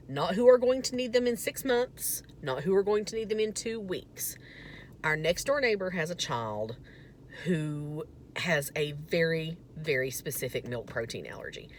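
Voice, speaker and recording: A young woman with a low voice that swings widely up and down as she talks. She is chatty and self-mocking, with a faint hum of room noise behind her. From Southern United States. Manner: animated, self-mocking and chatty, turning earnest at the end. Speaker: vlogger. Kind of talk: casual storytelling vlog.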